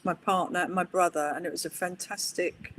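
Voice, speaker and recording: Woman, middle-aged, chatty podcast guest telling stories, animated. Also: on the low side, a little fast, slight background noise. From England. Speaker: guest, pool player. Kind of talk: interview conversation.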